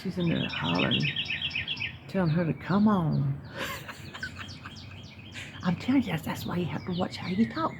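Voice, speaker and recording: A middle-aged woman from North Carolina with a Southern US accent rambles folksily to her viewers from her yard, birds chirping around her. Her voice is fairly low with huge pitch swings, delivered at normal speed with long pauses over a noisy background. She's a vlogger having a casual chat.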